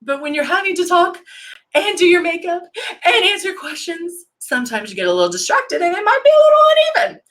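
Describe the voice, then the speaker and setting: Bright-voiced woman rambling through a makeup demo, calling out viewers' names. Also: very high voice, sing-song, fast. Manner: chatty, greets viewers by name mid-sentence. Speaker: makeup live stream host. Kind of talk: casual demo chat.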